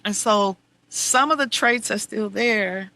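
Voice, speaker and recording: A middle-aged woman hosting a podcast, telling a candid personal story, heartfelt and wry, moving between quiet reflection and exasperated venting. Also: mid-range voice, slow pace, no room sound. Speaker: podcast host.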